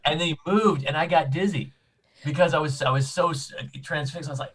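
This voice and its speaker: Guy telling a story at a con panel, casual and animated, trips over his words a lot. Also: a little high, fairly quick, husky, poor audio. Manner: animated anecdotes, frequent restarts. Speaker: convention guest.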